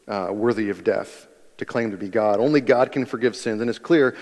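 A man's voice: on the low side, fairly quick, darkish tone. A man preaching a sermon in an earnest way, repeating key phrases for emphasis. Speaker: pastor. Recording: long hall reverb.

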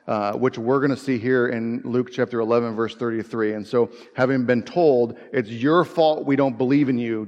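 Man, pastor, conversational sermon, humorous asides, mid pitch, reverberant hall. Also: darkish tone. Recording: long reverb.

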